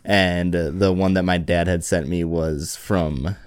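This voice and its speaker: Low-voiced halting podcast co-host. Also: male voice, steady tone, clear, resonant tone, dry recording. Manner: halting, repeats words, laughs easily. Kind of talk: casual chat.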